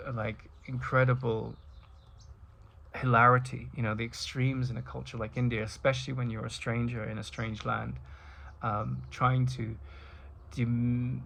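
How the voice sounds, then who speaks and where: Gravelly middle-aged man musing aloud. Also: mid-range voice, a bit bright, slight background noise. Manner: rambling, with many restarts and asides. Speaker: spiritual talk host. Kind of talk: reflective monologue.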